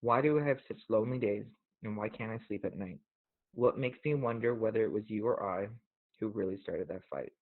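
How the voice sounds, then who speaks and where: Earnest low-voiced man on a tinny line. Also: a little fast. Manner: earnest, reflective, gently emotional. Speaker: podcast host. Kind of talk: casual talk and reading poems aloud. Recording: tinny phone-like audio.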